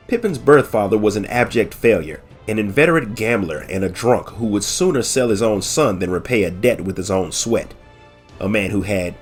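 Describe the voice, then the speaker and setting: A man with a nasal, congested voice from allergies, narrating a game lore story in measured audiobook style and hosting his channel. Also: lowish voice, breathy edge. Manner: measured, friendly sign-offs.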